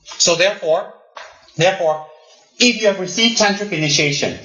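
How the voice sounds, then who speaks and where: A man's voice: high voice, normal speed, faint music behind. Man giving a teasing Dharma talk, roomy sound. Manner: animated and teasing, mimics students' excuses. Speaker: Buddhist lama. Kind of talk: Dharma teaching to students. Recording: roomy, dull lo-fi hall recording.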